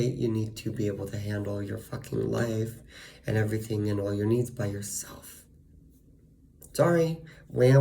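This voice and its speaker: Gravelly low-voiced man ranting. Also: dark tone, a little hiss or hum. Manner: profane, ranting, frequent fillers. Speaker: vlogger. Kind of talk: casual venting monologue.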